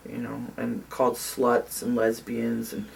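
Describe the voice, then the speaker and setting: A woman around sixty recounting memories in an oral history interview. She tells stories in an animated way, with many fillers. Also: very deep voice, measured pace, vocal fry, far from the mic, slight background noise.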